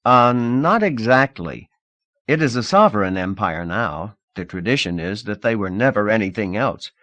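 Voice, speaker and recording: A man's voice: on the low side, animated, moderate pace, fairly bright tone, no room sound. A man voicing an earnest, cautious young man who was once a beggar, speaking in a plain, careful way.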